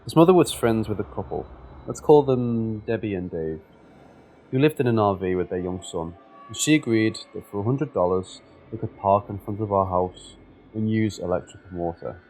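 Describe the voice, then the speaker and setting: A man reading true scary stories aloud in a steady, measured scripted narration. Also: lowish voice, faint music behind. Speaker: story narrator.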